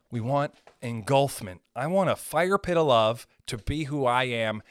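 A young man hosting a podcast, rambling profanely in a casual comedic monologue from home and breaking into high-pitched voices. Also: lively intonation, normal speed, no room sound, studio quality. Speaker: podcast host.

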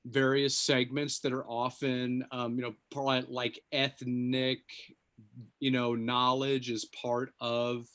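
A man's voice: medium pitch, flat delivery, takes it slowly, a bit bright. A man co-hosting a podcast in casual chat, hedging and rambling with lots of fillers. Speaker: podcast co-host telling jokes.

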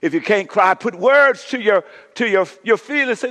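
A male pastor preaches with a high, bright, ringing voice, taking his time and leaning on each phrase. He calls the congregation to answer back and sinks to a near whisper for emphasis. His words echo with a long reverb through a large hall. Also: animated, moderate pace. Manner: call-and-response preaching, drops to a hush for emphasis. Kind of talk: sermon.

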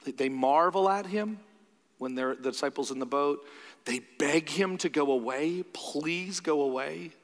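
A man delivers a sermon in an informal, lively way, slipping in quick acted-out voices as he goes. His voice sits a bit high for a man, and it rings with the long echo of a large hall. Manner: conversational, animated, acts out quoted voices. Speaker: preacher.

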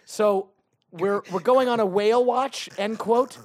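A man's voice: high-pitched, unhurried. A man telling a rambling story on a casual comedy podcast, full of restarts and asides.

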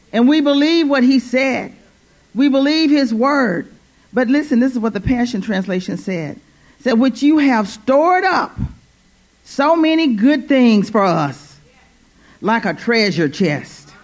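Woman, preacher, church sermon, fervent, repetitive, call-and-response. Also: sits high. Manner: fervent, repeats phrases, call-and-response "Amen?". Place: church service.

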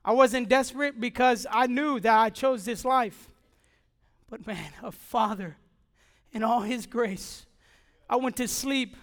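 A young man giving an impassioned sermon testimony, swinging from shouting to hushed. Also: very high-pitched, a little slow, long pauses, dry recording, studio quality.

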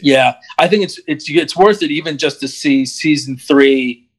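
A man chatting casually about a TV series, rambling and animated, with many restarts. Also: on the high side, unhurried, husky. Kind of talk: casual chat.

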